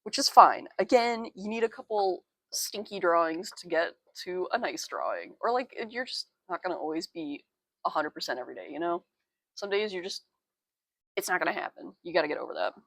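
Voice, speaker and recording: A young woman with a low, gravelly voice talks through her sketchbook in a loose, chatty way. She pokes fun at herself and giggles between remarks. The sound is close and dry. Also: big pitch swings, fairly quick, dry recording. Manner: chatty, self-deprecating, giggly asides. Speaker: artist showing her sketchbook. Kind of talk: casual sketchbook tour.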